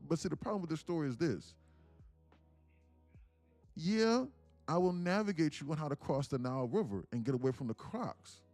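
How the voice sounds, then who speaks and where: A man's voice: a little high, darkish tone. A man hosting a live day-trading stream, talking in a hyped, preachy way with slang and a stream of rhetorical questions. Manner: slangy, casual street talk. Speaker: day trading livestream host.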